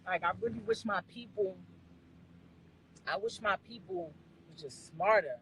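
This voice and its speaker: A woman's voice: mid-range voice, a little slow, fairly bright tone, a little hiss or hum, rough recording. A woman in her forties, ranting bluntly and profanely at her viewers on a phone live stream.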